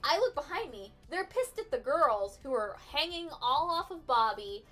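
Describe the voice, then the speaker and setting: A woman's voice: high-pitched, very animated, moderate pace, fairly bright tone, faint music behind. A young adult woman casually telling a story while streaming, in a chatty, profane way with frequent restarts. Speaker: artist streaming her work.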